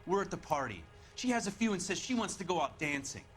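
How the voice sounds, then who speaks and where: An actor playing a defensive husband questioned by police in a video game, nervous and quick to anger. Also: male voice, high-pitched, very animated, faint music behind. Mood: angry. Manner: nervous, then angry outbursts. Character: defensive husband questioned over missing wife.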